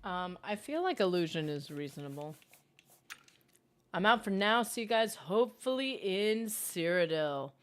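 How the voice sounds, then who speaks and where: A young adult woman hosting a casual gaming livestream, chatty and excitable, reading chat aloud and reacting. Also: mid-range voice, measured pace. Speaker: livestream host.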